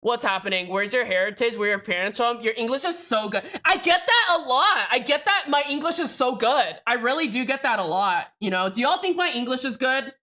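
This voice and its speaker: A young woman livestreaming, talking straight to her chat in a loose, rambling way, swearing often as she works on a keyboard build. Her voice is bright and sits a little high for a woman. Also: lively intonation, brisk, few pauses. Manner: chatty, rambling, swears freely, addresses chat directly. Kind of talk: casual stream chat while building a keyboard.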